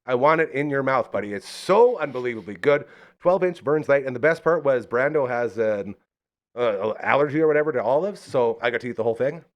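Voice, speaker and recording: A man's voice: expressive, fairly quick, muffled recording. Guy hosting a live podcast, rambly and hyped, voice jumps up and down a lot. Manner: enthusiastic, rambling, pitchy plugs. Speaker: podcast host. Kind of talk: casual live show chat with sponsor plugs.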